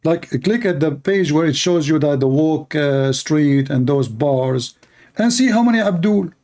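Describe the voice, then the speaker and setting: A man's voice: on the high side, animated, a little slow, darkish tone. A man hosting a polemical talk who speaks in sarcastic, mocking, non-standard English. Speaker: host.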